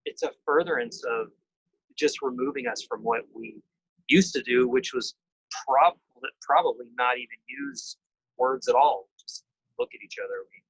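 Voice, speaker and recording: A man's voice: medium pitch, normal speed, creaky, slightly rough, no room sound, poor audio. Casual man riffing on theories. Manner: excited, rambling, drops casual swearing. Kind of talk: casual group chat.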